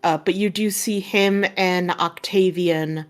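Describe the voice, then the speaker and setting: Woman game master, lowish voice, slow deliberate pacing, filler-heavy narration. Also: steady tone, faint music behind.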